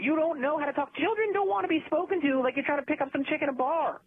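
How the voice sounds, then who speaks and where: A man's voice: very high voice, fast talker. A man bantering in an improvised comedy sketch, needling and cheeky in manner. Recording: tinny phone-like audio.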